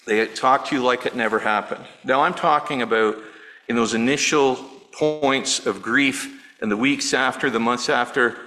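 A middle-aged male pastor preaching a sermon in an earnest, personal way, dropping low and quiet on words of grief. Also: normal speed, rough recording. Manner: earnest, personal, softening to near-hush on grief.

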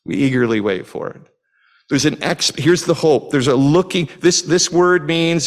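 A middle-aged man from Canada preaching a sermon, asking the congregation questions in a conversational way with frequent restarts. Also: fairly high pitch. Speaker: pastor.

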